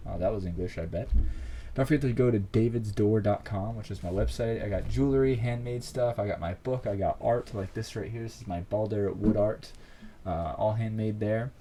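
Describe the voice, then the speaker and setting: A man speaks in a mellow, unforced voice as he hosts his own podcast. He coaches listeners through a motivational monologue, repeating short phrases in an earnest, encouraging way. A faint hum of ambient noise sits under his voice. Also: fairly low pitch, steady tone, moderate pace, rough recording. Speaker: podcast host.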